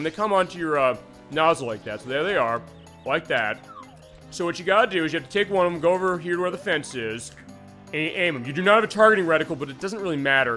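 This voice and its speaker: A man's voice: a little high, pushed and bright. A man hosting a game stream, chatting casually and rambling with many fillers while he plays. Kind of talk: casual let's-play commentary.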